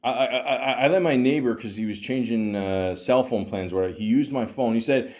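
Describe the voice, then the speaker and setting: A man's voice: mid-range voice, brisk, a little mellow. A middle-aged Canadian man hosting a podcast, rambling through hockey talk with lots of swearing, fillers and restarts. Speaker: podcast host.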